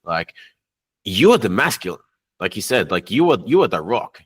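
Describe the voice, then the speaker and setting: A man with a low voice talks bluntly and casually as a podcast co-host. He drops the odd swear word as he makes his points. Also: very animated, normal speed, husky.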